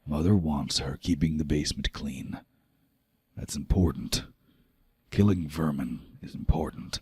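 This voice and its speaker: A man's voice: a bass voice, a little slow, a little mellow, slightly rough, no room sound, heavily acted. A man voicing a stoic old warrior chieftain who speaks in curt, stern lines.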